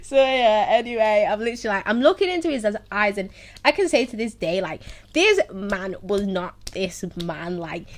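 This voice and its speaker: A young woman who hosts her own series tells her story candidly in a medium-pitched, very animated voice at a moderate pace. She often laughs through painful memories and leans heavily on "like" and "so, yeah."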